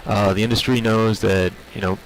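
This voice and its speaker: A man with a low, gravelly voice explains technology trends during an on-site interview. He speaks in a measured way and leans on filler words. Faint background noise sits under his voice. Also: fairly even intonation, rough recording. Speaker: industry spokesperson.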